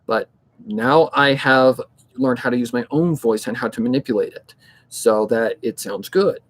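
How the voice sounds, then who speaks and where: A man's voice: mid-range voice, moderate pace. A man chatting casually as a hobby narrator, rambling, blunt and swearing freely, giving pep-talk advice and repeating himself. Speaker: fan audiobook narrator.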